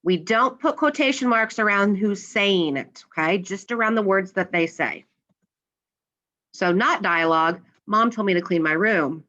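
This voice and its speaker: A woman's voice: mid-range voice, measured pace, fairly bright tone, dull audio. A woman teacher explaining a grammar lesson step by step, patiently, and acting out the example lines.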